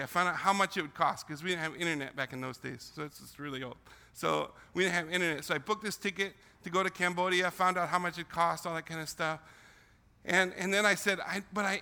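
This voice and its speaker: Speaking to students in a big, long-reverb hall, an older Philippine-raised missionary tells his testimony with emotion, repeating and restarting, looping back over his words. His voice is high, very bright, forceful and gravelly.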